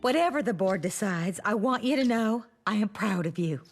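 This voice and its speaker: An actress voicing a proud, overconfident female teacher in an animated sitcom, talking in a pompous, self-assured way. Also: mid-range voice, moderate pace, soft background music. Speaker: cheerleading coach.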